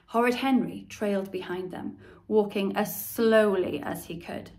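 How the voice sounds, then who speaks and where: A woman reading a children's story aloud expressively as the channel's storyteller. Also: mid-range voice. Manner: expressive, slow.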